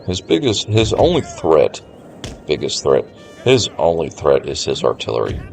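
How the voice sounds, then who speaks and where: A man with a low, deep voice gives relaxed stream commentary over a strategy game. He thinks aloud and muses to his chat as he plans his moves. Quiet game music plays faintly underneath. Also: normal speed, creaky. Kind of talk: casual gameplay commentary.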